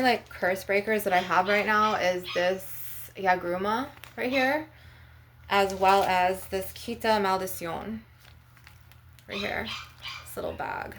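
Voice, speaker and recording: A woman's voice: medium pitch, fairly bright tone. Woman, anxious, stressed, rambling, swearing, venting vlog, noisy background. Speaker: spiritual vlogger.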